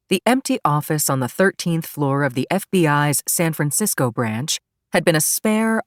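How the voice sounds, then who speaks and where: A woman reading a crime thriller audiobook in an even, steady narration. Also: low-pitched, dry recording, studio quality. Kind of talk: scripted narration.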